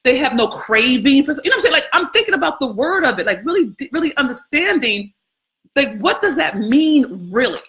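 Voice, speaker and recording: A woman's voice: sits high, big pitch swings, fairly quick, a bit bright. A woman hosting a casual scripture contemplation, talking conversationally with frequent questions, profanity and laughter. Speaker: host.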